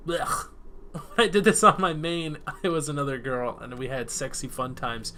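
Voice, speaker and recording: A man giving rambling, excitable let's play commentary, swearing freely while he plays. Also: fairly high pitch, normal speed, a little hiss or hum. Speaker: gameplay commentator.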